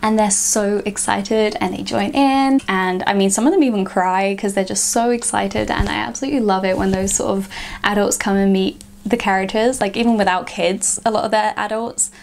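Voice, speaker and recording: A woman's voice: mid-range voice, fairly even intonation, moderate pace, gravelly, a little hiss or hum. Chatty young Englishwoman vlogging. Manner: chatty, frequent "like" fillers. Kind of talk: casual vlog talk.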